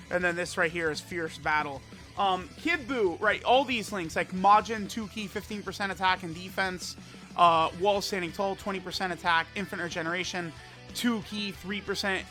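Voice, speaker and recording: A man's voice: sits high, moderate pace, pushed and bright, faint music behind. A man giving casual commentary on a mobile game, rambling and thinking aloud with many fillers and restarts. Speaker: mobile game content creator.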